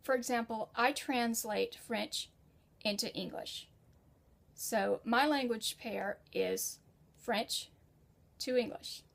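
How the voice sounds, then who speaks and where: Woman, from the US, slightly higher voice; friendly self-deprecating tutorial host, talks straight to the viewer. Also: gravelly. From United States. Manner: chatty and self-deprecating, speaks in asides. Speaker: freelance writer teaching about translation. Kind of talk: casual instructional monologue.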